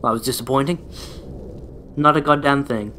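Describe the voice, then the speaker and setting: A man's voice: medium pitch, fairly even intonation, normal speed, pushed and bright, a little hiss or hum. A young man rambling through casual gameplay commentary as a let's play host, with dry, self-deprecating jokes aimed at his viewers.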